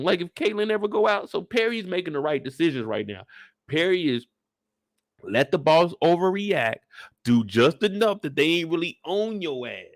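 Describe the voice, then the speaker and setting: In a dry recording, a man with a high voice and vocal fry recaps a TV show casually. This reviewer is animated and joking, with slangy speech full of swearing.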